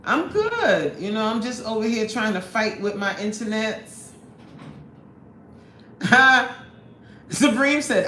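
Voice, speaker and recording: A woman's voice: fairly high pitch, very animated, slow, long pauses, sharp tone. A woman hosting a casual live stream, chatting and greeting viewers, laughing often, indoors at her workplace. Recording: roomy echo, faint background noise.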